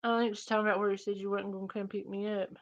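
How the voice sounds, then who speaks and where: A woman's voice: medium pitch, flat delivery, rapid-fire, highs cut off. A woman, co-hosting a homestead livestream, chatting casually and reading out viewer comments with frequent laughter. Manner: folksy, laughs often.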